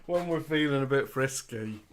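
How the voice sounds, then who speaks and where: A man's voice: mid-range voice, expressive, moderate pace, noisy background. A man hosting a casual live stream, chatty and giggly as he reads out thank-yous. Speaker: host.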